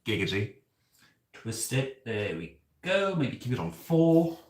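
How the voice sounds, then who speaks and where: This cosplay streamer speaks slowly at a medium pitch with big swings, staying in character as a flamboyant, aristocratic owl demon prince. He giggles and camps it up while cooking on a livestream, calling viewers "darling" from an echoey, noisy kitchen.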